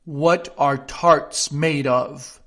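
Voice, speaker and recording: A man's voice: fairly high pitch, fairly even intonation, extremely slow, fairly bright tone. A man voicing a fussy, anxious king who speaks in a grave, self-important way. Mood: pompous.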